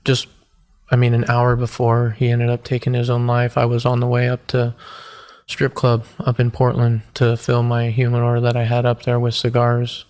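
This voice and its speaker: A man in his forties from the United States, telling his own hard story on a podcast. He speaks earnestly and haltingly, restarting his sentences often. His voice stays almost completely flat and level, at a middling pitch. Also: clear, resonant tone. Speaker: podcast guest. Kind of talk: personal testimony in an interview.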